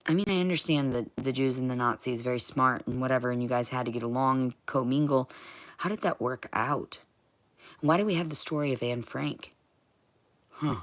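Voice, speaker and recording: A woman vlogging in a rambling, profane monologue, swinging from muttering to shouting. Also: very deep voice, fairly quick.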